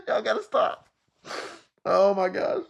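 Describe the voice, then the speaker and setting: Wildly animated man cracking up. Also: high-pitched, takes it slowly, vocal fry, highs cut off. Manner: laughing uncontrollably, gasping for breath; animated, addresses chat as y'all. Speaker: live stream host reacting to clips. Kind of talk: casual live stream chat.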